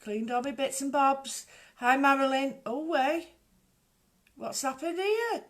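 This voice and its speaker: A woman's voice: high-pitched, slow pace, a bit bright. A woman hosting a casual home livestream, rambling chattily and greeting viewers by name. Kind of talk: casual live chat.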